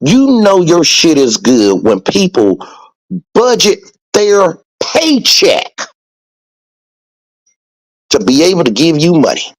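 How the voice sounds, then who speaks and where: A man's voice: a little high, very animated, normal speed, few pauses, a little mellow, no echo, low-quality recording. A man hosting a podcast, talking casually and preachily, with lots of swearing and repeated points. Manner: profane, preachy, emphatic with repetition. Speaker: podcast host. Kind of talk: casual motivational podcast talk.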